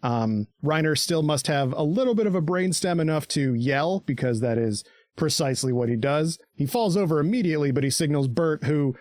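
A man's voice: fairly high pitch, expressive, a little fast, darkish tone, no room sound. Jokey, rambling man, dry close sound. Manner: loose, rambling and jokey, laughs often, swears freely. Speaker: podcast host. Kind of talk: casual podcast chat.

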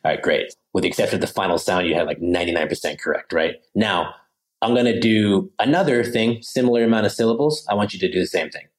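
A man with a fairly low voice talks as a podcast guest. He explains things casually and with energy, and he slips into little acted-out phrases to make his point. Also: quick pace, low-quality recording. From Pennsylvania, USA. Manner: animated, acts out phrases in other voices. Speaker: podcast guest, language teacher. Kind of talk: casual interview talk.

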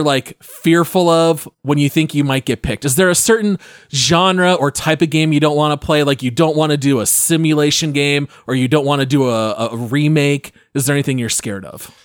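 A man's voice: on the high side, no room sound, studio quality. A man hosting a gaming podcast in a casual, jokey way, running the housekeeping and plugs. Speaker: podcast host.

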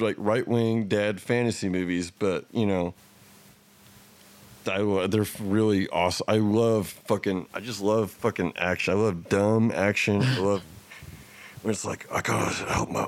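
A man's voice: fairly low pitch, unhurried, darkish tone. A man co-hosting a movie podcast, talking casually and enthusiastically, with frequent laughs and swearing. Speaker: podcast co-host.

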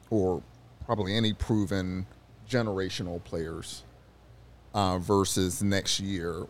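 Chatty man with a lowish voice. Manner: chatty, filler-heavy, lively when telling anecdotes. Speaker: newspaper hockey reporter, guest. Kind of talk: casual sports chat. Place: studio.

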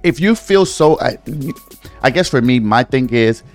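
A man's voice: mid-range voice, lively intonation, a little slow, soft background music. A man hosting a casual true-crime podcast, talking bluntly, swearing and teasing his co-host. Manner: blunt, opinionated, swears and teases.

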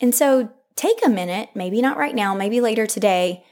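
A woman's voice: a little high, expressive, moderate pace, darkish tone. A young woman hosting a faith podcast, earnest and chatty, with frequent laughs and lots of "like", who reads scripture aloud. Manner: earnest and chatty, laughs often, says "like" a lot. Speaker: podcast host. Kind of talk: faith-based podcast talk, reading scripture.

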